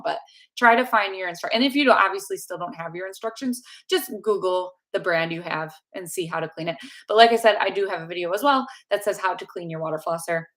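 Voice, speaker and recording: An American dental YouTuber answers viewer questions in a live Q&A about teeth, her medium-pitched voice a bit bright. She's chatty and bubbly with a loose delivery, full of little asides, frequent laughs, and fillers.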